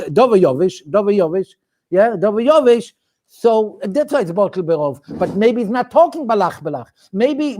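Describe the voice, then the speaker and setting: High-voiced and darkish in tone, a man with a Yiddish-inflected accent teaches his weekly Talmudic study class as a rabbi. He chants his way through the material, repeatedly starting sentences over.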